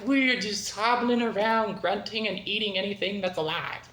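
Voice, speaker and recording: A woman's voice: medium pitch, normal speed, fairly bright tone. Gushing young woman in an echoey room. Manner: rambling and gushing, scatterbrained. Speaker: book reviewer. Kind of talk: casual video review.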